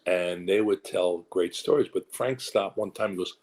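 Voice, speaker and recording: Low-voiced man telling rambling stories. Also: normal speed. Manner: animated storyteller who slips into quoted voices; rambling with restarts and asides. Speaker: actor and guest. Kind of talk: candid career interview.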